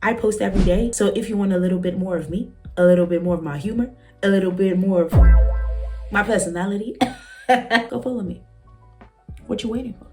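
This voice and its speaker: A woman's voice: medium pitch, a little fast, pauses often, darkish tone, soft background music. A woman hosting a reaction vlog, talking casually to her viewers with teasing asides and frequent laughter. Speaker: reaction channel host. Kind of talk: casual commentary to camera.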